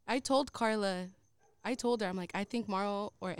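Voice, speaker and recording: Brief: young female co-host, clear dry voice, quiet and raw, casual. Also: mid-range voice, normal speed, dry recording. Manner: quiet, raw, personal recounting. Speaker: podcast co-host. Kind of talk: casual storytelling chat.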